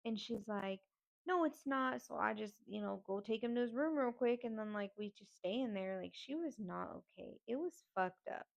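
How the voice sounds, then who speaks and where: A woman's voice: mid-range voice, normal speed, gravelly, few pauses, darkish tone. A woman hosting a podcast, telling a personal story in a candid, casual and profane way. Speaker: podcast host. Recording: slightly dull lo-fi audio.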